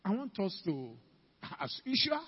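Ghanaian male preacher, emphatic sermon that climbs to shouts, raised pitch, dull reverberant hall recording. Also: sing-song, measured pace, husky. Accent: Ghanaian English. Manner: emphatic, calls out to the congregation, rising to shouts. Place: church hall.

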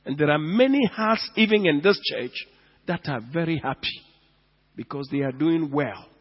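Male pastor, high voice, preaching with big swings from quiet to loud, dull lo-fi church recording with long reverb. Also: lively intonation, normal speed, breathy edge. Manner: swings from hushed to loud, drawing out words for emphasis. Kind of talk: sermon.

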